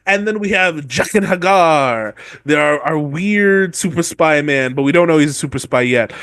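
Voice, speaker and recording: A woman's voice: deep voice, lively intonation, moderate pace, a bit bright, dry recording. A woman co-hosting a podcast, recapping book chapters in a rambling, profane way, correcting herself as she goes. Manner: rambling, profane, self-correcting, acts out characters. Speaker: podcast co-host.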